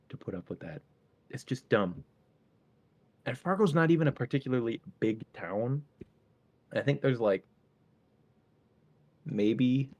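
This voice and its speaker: A young man from the American Midwest, co-hosting a casual podcast and ranting in an animated way, with his voice jumping up when he gets worked up. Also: on the low side. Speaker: podcast co-host. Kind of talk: casual solo podcast chat.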